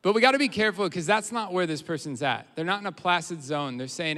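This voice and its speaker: A man preaching a sermon, earnest, getting louder when he voices a troubled prayer. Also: high voice, lively intonation, quick pace, hardly any pauses. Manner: earnest preaching, rises in volume on quoted prayers. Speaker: pastor. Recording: roomy hall reverb.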